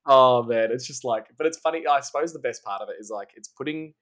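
A man's voice: mid-range voice, fast talker, fairly bright tone. A man hosting a casual podcast interview. He rambles through lots of fillers and teases his guest playfully. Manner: rambling, heavy on fillers like "like" and "you know"; playful teasing. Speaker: podcast host.

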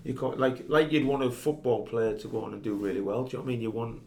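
Quick-paced, medium-pitched, and dark in tone, a man tells a long dressing-room story as a podcast guest and former footballer. It's a casual anecdote, sweary throughout, and he laughs often.

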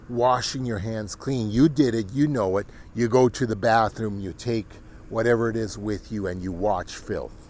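Preachy man with a slight Texan twang. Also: a little hiss or hum. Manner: preachy, swings between loud exhortation and low hushed asides. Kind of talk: impassioned political-religious monologue.

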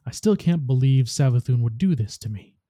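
A man's voice: medium pitch, lively intonation, a little fast, dark tone, dry recording, studio quality, natural voice. Man reading as a snarling grumpy male ghost. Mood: grumbling. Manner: snarling, curt. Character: grumpy scheming male ghost robot, sneering.

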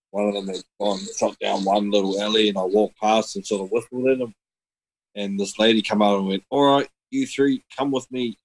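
Casual guest: New man, fairly low voice, lively and profane storyteller. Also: poor audio. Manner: swears freely, animated storytelling. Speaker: podcast guest.

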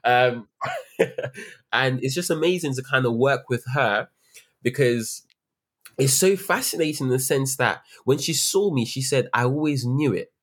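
A man's voice: mid-range voice, a little slow, a bit bright, breathy edge. A young man who works as a teacher, talking earnestly and reflectively in a casual interview, with many fillers and restarts. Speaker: teacher, guest.

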